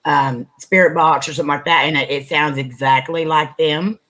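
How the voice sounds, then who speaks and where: A woman's voice: low-pitched, steady tone, normal speed, a crowd in the background. A woman hosting a casual interview who responds with short, encouraging reactions. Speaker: interviewer, host.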